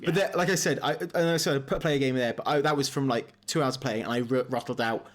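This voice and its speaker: A man hosting a gaming podcast, retelling game moments in an animated, casual way, swearing freely and using lots of fillers. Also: medium pitch, fast. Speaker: podcast host. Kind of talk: casual chat.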